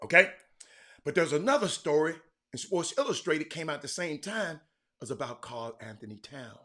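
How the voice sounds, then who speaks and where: A man hosting a live sports talk show, chatting with viewers by name, animated and repeating words as he goes. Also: fairly high pitch, normal speed. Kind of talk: live-stream chat with viewers.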